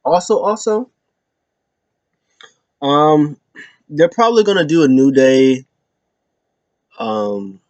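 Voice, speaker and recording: A man's voice: animated, slow, pauses often, dry recording, muffled recording. Rambling man recapping wrestling, close dry mic. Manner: rambling, filler-heavy, acts out quotes in a high voice. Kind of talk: casual solo recap.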